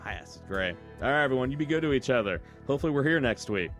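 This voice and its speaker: A man's voice: medium pitch, lively intonation, quick pace, a bit bright, soft background music. A man around forty hosting a casual political talk show, ranting in a fired-up, profane way. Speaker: podcast host.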